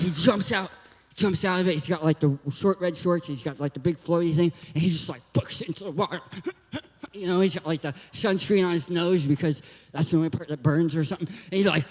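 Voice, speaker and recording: A man, a guest speaker, telling comedic stories in a sermon, animated and self-deprecating, breaking into loud bursts. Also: high-pitched, brisk. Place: church hall. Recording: reverberant hall with faint music.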